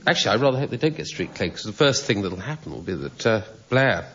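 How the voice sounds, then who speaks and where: A man's voice: lowish voice, big pitch swings, fast talker. A man on a comedy panel, bantering casually, often laughing and slipping into put-on voices. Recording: muffled broadcast recording with loud background noise.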